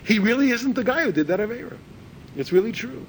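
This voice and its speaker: A man speaks fast and expressively over a noisy background, giving an informal religious lecture. This religious teacher repeats words while hunting for phrasing and acts out the people he quotes, raising his voice higher for them.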